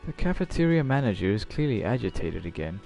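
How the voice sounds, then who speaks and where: Amused, gravelly male streamer. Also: fairly low pitch, sing-song, fairly quick, dark tone, soft background music. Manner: amused, laughs often, reads lines with relish. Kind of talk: live gameplay, reading choices aloud.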